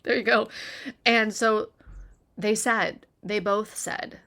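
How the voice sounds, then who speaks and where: Woman storyteller, bright, earnest, chatty; vlog confessional delivery. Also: medium pitch, fairly even intonation, takes it slowly. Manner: earnest, conversational, frequent "like" and "right?". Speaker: recovery content creator. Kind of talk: personal storytelling to camera.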